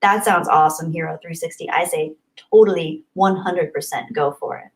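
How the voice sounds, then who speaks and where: A woman's voice: low-pitched, normal speed, poor audio. A young woman hosting a livestream, reading chat messages in a bubbly, effusive way and often laughing. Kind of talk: casual live-stream chat.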